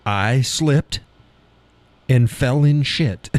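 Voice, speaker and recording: A man's voice: mid-range voice, extremely slow, no echo. A middle-aged man hosting a live stream in casual chat, swearing freely, laughing often, telling stories with animation. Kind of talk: casual chat reading viewer comments.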